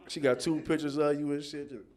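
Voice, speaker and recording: A male stand-up comedy host, loose and profane, slipping into animated voices for his bits. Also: on the high side, fairly quick.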